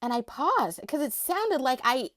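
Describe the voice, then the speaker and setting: A woman collector with a high, thin voice, rambling casually and laughing often as she shows her dolls. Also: big pitch swings, measured pace, fairly bright tone, no room sound, clean studio sound. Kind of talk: casual unscripted vlog chat.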